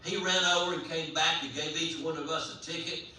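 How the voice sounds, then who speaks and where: A man telling a comic story aloud at a live event, in an animated, folksy way, heard from far off in a large hall. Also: a little high, fairly quick. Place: large hall at a residential campus. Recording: echoey hall, voice from far off, faint hum.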